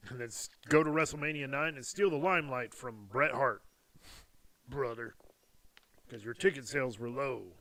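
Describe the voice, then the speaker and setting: Speaking at normal speed in a mid-range voice, the host of a casual wrestling podcast spins animated stories. He laughs a lot and drops into impressions along the way.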